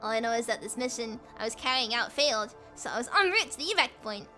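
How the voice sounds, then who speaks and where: A woman voicing a reserved male android soldier, speaking low-key, terse and a bit weary, pitched lower than her own talk. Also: expressive, fast talker, sharp tone, faint music behind.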